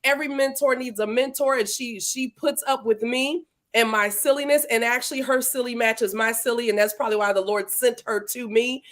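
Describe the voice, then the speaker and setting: Female livestream host, somewhat high-pitched, casual and playful, shouts out viewers. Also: fairly even intonation, brisk, hardly any pauses. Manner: chatty, playful, greets viewers by name. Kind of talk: casual live interview chat. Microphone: livestream setup.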